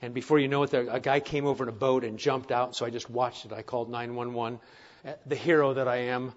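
A man's voice: mid-range voice, little pitch movement, fast, lo-fi sound. A man preaching a sermon to his congregation, earnest, with rhetorical questions and wry asides. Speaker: pastor.

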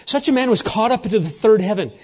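A man preaching a sermon, emphatic and rousing, sometimes dropping to a hushed near-whisper. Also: high-pitched, animated, quick pace, husky, highs cut off. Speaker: pastor.

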